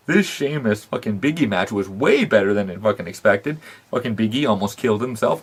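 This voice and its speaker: A man's voice: on the low side, brisk, breathy edge. A man hosting a wrestling recap show, talking casually and bluntly, swearing constantly between fillers and short laughs. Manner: animated rants with frequent fillers and laughs. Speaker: wrestling podcast host.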